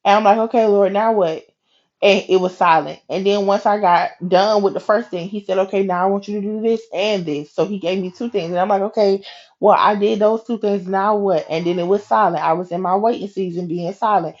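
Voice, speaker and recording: A woman hosting a faith podcast, telling a personal story in a lively, chatty way and acting out the lines of each person in it. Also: mid-range voice, a little fast, lo-fi sound. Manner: animated, acts out her own and others' quoted lines; casual and chatty, talks straight to listeners. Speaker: podcast host.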